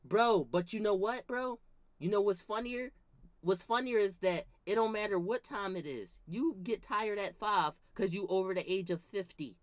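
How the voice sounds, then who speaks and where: A young woman telling a comedic story, swinging from low mutters to shouted outbursts and acting out the lines she quotes. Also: normal speed, no echo.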